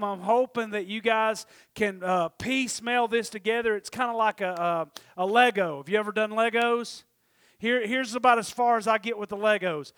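Middle-aged pastor, folksy rambling sermon, high voice, dry close sound. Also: male voice, a bit bright, smooth, no echo. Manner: folksy, conversational, rambling with self-deprecating asides. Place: church.

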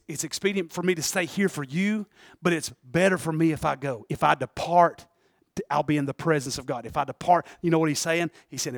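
A male pastor preaching a sermon in a repetitive, conversational way, swinging between loud exclamations and hushed, low asides. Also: gravelly, no echo, clean studio sound.

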